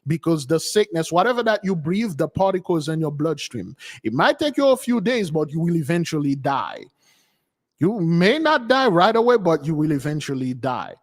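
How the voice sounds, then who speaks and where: A man's voice: on the high side, big pitch swings, moderate pace. A man hosting a channel, delivering an impassioned, preachy rant as livestream commentary. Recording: long hall reverb.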